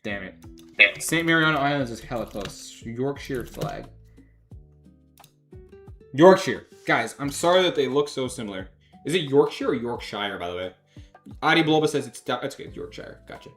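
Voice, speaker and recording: A chatty man hosts a live stream, rating fan art and reading out viewer messages between jokes and laughs. His voice is bright and swoops up and down with excitement. Light music plays quietly underneath. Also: mid-range voice, moderate pace, pauses often. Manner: chatty, jokey, reads donations aloud, laughs often. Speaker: game developer streamer judging fan art. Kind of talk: casual livestream commentary.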